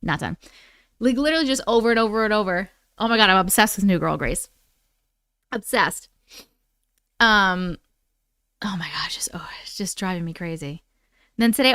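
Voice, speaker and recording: Reading her viewers' chat, this Oklahoma-accented livestream host vents with animated exasperation, swearing and laughing often. She speaks briskly in a mid-range voice but leaves long pauses, and the studio-quality audio has no room sound.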